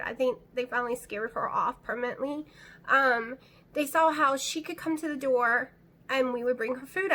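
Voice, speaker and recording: Middle-aged woman talking to camera from home, fairly high and very bright voice, anxious and rambling. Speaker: vlogger. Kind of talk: casual chat to camera. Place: at home, indoors.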